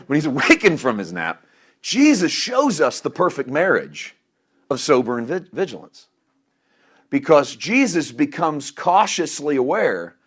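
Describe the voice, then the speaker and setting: Animated preacher man, fairly high voice. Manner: animated preaching, swings from loud emphasis to quiet asides, laughs at himself. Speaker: pastor. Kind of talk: sermon.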